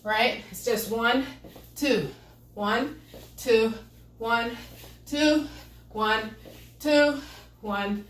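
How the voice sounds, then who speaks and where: A woman with a fairly high voice coaches a workout at home, breathless and upbeat as she calls out moves and greets viewers. She sounds a little distant from the mic, in an echoey room with faint noise behind her. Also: drawn-out words, long pauses, a bit bright. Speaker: fitness instructor. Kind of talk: live workout session.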